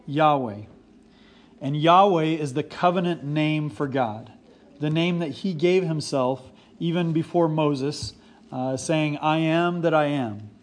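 A man's voice: a little high, measured pace. A man in his forties preaching a sermon, earnest and repeating key phrases for emphasis. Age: 40s. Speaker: pastor.

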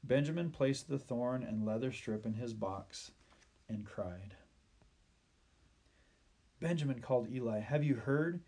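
Man gently reading a children's story. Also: medium pitch, unhurried, vocal fry, long pauses.

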